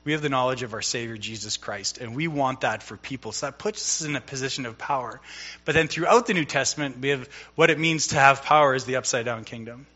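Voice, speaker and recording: A man's voice: medium pitch, fast, bright, forceful tone, muffled recording. A middle-aged man preaching a sermon in a conversational way, telling a personal story and acting out the dialogue. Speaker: pastor.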